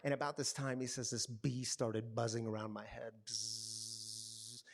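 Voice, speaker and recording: A man's voice: mid-range voice, fairly quick. A man pastoring a recovery community, telling a story in a sermon and acting out the quotes and sounds. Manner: animated storyteller, acts out quotes and buzzing sounds. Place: gathering hall with a live audience.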